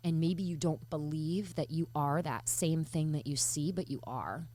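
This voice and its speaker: A woman from Michigan speaking earnestly in an interview, reflective and searching, often pausing with fillers and restarting her thoughts. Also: sits low, warm tone. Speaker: podcast guest.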